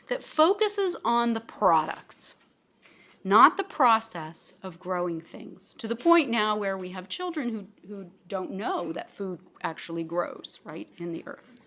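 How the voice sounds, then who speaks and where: A woman's voice: medium pitch, fairly bright tone. A woman professor giving an academic lecture and reading quotations aloud, lifting her voice for emphasis and letting phrase ends trail off. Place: library assembly room.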